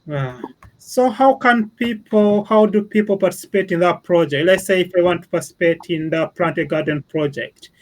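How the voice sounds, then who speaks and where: A man's voice: sits high, moderate pace. A man hosting an interview, asking questions politely with hesitant fillers. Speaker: host.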